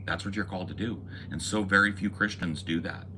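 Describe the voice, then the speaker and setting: A man's voice: low voice, a little fast, sharp tone, a little hiss or hum. A man hosting a podcast, delivering an impassioned, preachy rant full of profanity. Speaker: podcast host. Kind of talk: impassioned monologue.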